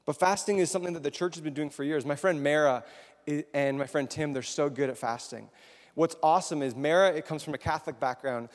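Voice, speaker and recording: A preacher with a fairly high voice delivers a relaxed, chatty sermon at a fairly quick pace, tossing questions out to his congregation. He speaks in a large hall, and a long, echoing reverb trails after his words.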